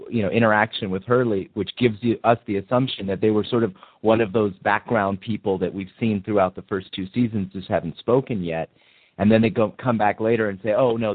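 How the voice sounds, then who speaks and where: A man's voice: on the low side, slightly rough, no echo. A man calling in to a show, starting hesitantly and then arguing his point firmly. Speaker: caller. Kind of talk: casual call-in chat. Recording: tinny phone line.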